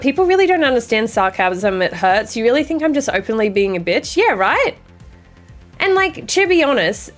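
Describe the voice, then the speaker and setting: Slightly high-pitched, this young woman streamer banters sassily with her viewers, reading chat aloud with a dry, sarcastic sense of humor in a casual way.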